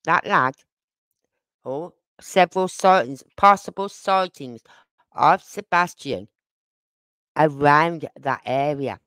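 A YouTuber doing live-stream commentary. The speaker talks emphatically, asks rhetorical questions, repeats points and apologizes for talking too fast. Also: medium pitch, a bit bright, clear, resonant tone, no room sound.

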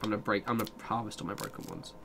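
A man's voice: fairly low pitch, huge pitch swings, racing, gravelly, a bit bright, a little hiss or hum. A young man casually commenting on a survival game as he plays, swearing and talking back to his chat. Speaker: streamer.

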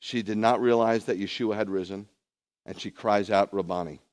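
Lower-voiced man preaching a sermon. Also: normal speed. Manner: animated, rhetorical questions, conversational asides. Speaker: rabbi.

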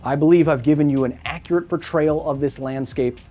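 A man in his thirties, hoarse, hosting a scripted science explainer in a theatrical, wry manner that speaks straight to the viewer. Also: fairly high pitch, fairly quick, warm tone, faint music behind. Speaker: science video host.

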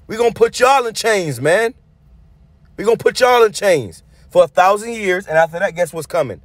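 A street preacher with a high, expressive voice delivers angry, sermon-style commentary on a news clip at normal speed, and the recording is dry. He is heated, blunt and profane, restarting often and repeating a tag word.

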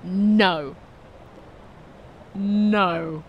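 Playing a game for the first time, this female streamer talks very slowly at a medium pitch with a steady tone. The audio is dull with slight background noise, and she keeps laughing and letting out jittery cries as things catch her off guard.

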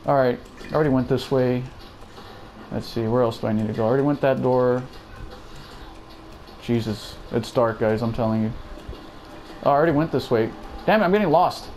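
A man's voice: medium pitch, brisk, long pauses, a little mellow, a little hiss or hum. A young man commentating as he plays a horror game, talking to his viewers and exclaiming at every scare. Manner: jumpy, exclaims and chatters to viewers while playing. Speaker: gaming YouTuber. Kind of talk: let's play commentary.

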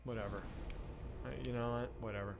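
A man's voice: mid-range voice, steady tone, brisk, creaky, slight background noise. A man streaming a game and chatting casually with his viewers, talking in a profane, rambling and candid way. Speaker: streamer reading chat. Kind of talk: casual live-stream chat while gaming.

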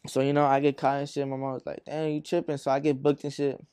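A man's voice: medium pitch, completely flat delivery, fast, dark tone, smooth, no echo, clean studio sound. A man from Arizona, a rapper being interviewed, telling long stories in profane street slang with lots of fillers and acting out the voices of people in them. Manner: acts out voices in his stories. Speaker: rapper guest. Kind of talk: casual storytelling interview.

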